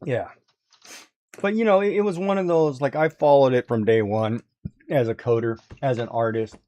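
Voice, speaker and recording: A man chatting casually on a livestream, telling animated stories, laughing often and mimicking others. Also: mid-range voice, normal speed. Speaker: guest on a craft livestream. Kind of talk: casual chat.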